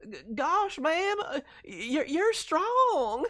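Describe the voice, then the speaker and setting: Woman voicing a late-teen country boy OC: soft-spoken, innocent, stuttering politely, high and lively. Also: drawn-out words, full character voice. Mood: bashful. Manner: stammering, bashful and polite.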